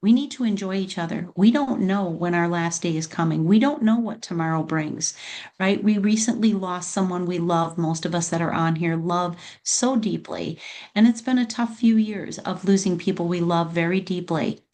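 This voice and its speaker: A middle-aged woman, a product specialist, presenting wellness tips in a live online talk, speaking warmly and emotionally straight to her listeners. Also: on the low side, moderate pace.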